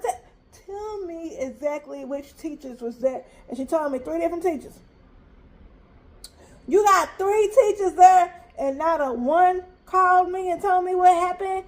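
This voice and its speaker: A mother telling a story in an animated, emphatic, exasperated way. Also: extremely high pitch. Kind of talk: storytime vlog.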